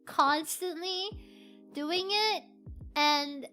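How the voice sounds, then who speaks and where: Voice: very high voice, drawn-out words, pushed and bright, soft background music. A VTuber streamer chatting casually on a live stream, giggly and playful, reading chat aloud from a home setup.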